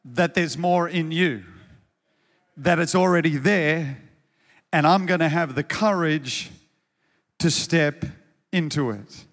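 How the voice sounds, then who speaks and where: A man's voice: fairly high pitch, slow pace, pauses often, a bit bright, in a large hall. A man preaching a sermon as pastor, in a conversational way that often repeats words as he starts a thought.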